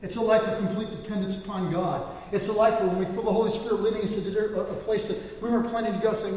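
A man's voice: high-pitched, steady tone, fast talker, few pauses, darkish tone. A man preaching a sermon, telling a story earnestly and often restarting his words. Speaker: pastor. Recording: echoey hall, distant mic.

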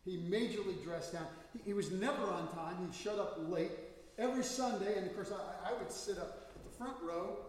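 Male pastor, high voice, storytelling sermon, recorded from far off in a church with a long reverb. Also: moderate pace. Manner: storytelling, animated quoting of people. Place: church sanctuary. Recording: echoey hall, voice from far off.

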